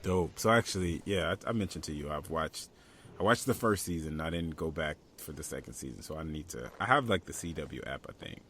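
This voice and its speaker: Deep-voiced laid-back male podcast host. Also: animated, a little fast, a bit bright. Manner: laid-back, jokey, laughs often. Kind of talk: casual chat.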